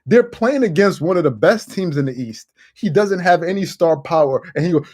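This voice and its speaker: A man hosting a casual sports commentary show, animated and laughing, with quick restarts. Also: high-pitched, husky. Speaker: host.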